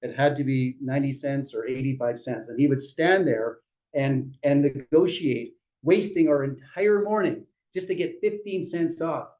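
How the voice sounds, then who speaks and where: A middle-aged brokerage leader from a Dutch family runs a real estate team meeting, giving a lively, jokey motivational talk and acting out clients' voices. His voice sits on the high side at a moderate pace, and the recording is rough.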